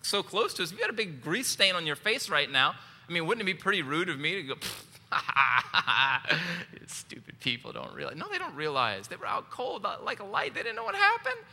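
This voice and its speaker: A man's voice: high voice, huge pitch swings, fast talker, gravelly, hardly any pauses, pushed and bright. A male pastor preaching a sermon in a church, joking, telling a personal story and asking the congregation questions. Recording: long hall reverb, faint background noise.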